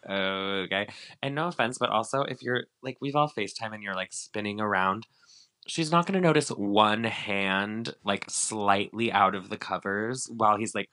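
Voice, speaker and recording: Podcast co-host, man, low-pitched but bright, loose filler-heavy recap chatter. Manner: animated, filler-heavy, acts out quotes. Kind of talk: casual reality-TV recap chat.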